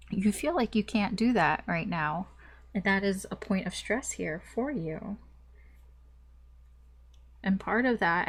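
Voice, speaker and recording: A woman doing a casual tarot reading to camera, rambling with many fillers and restarts, and swearing now and then. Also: on the low side. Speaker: tarot reader.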